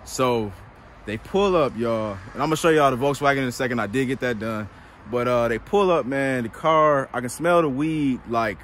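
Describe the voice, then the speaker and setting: A man telling a story to camera in a casual vlog, animated and exasperated, full of slang. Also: medium pitch, a little hiss or hum. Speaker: used car dealer vlogger.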